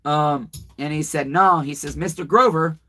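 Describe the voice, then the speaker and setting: A man's voice: fairly high pitch, normal speed, a bit bright. A man hosting a casual livestream, rambling and swearing as he tells a story and talks to his viewers. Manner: rambling, profane, chatty, talks to viewers directly. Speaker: livestream host. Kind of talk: casual livestream chat, reading comments and telling a story.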